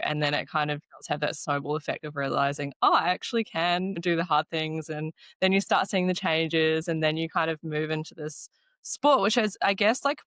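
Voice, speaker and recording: A woman's voice: sits low, fairly bright tone, no room sound, studio quality. A woman hosting a podcast, reflecting on the guest's story and asking questions in a casual, encouraging way. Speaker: podcast host. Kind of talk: casual interview.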